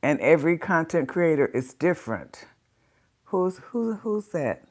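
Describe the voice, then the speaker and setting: A low-pitched woman speaks unhurriedly yet very animatedly, with a slightly mellow quality. She's running a casual livestream, greeting chat viewers by name and chatting away, her voice a bit congested from blocked sinuses.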